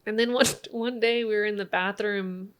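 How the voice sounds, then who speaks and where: A woman's voice: medium pitch, fairly even intonation, moderate pace, smooth. A woman in her thirties with an American accent, a podcast guest telling a family story in casual chat, acting out the quotes and laughing often. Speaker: podcast guest, tantra teacher.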